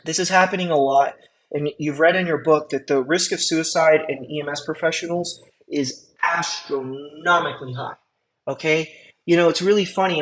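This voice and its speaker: The recording is rough, but you can hear a man with a somewhat high, fairly bright voice teaching an EMT class. Talking casually, he fills the lecture with filler words and keeps asking check-in questions.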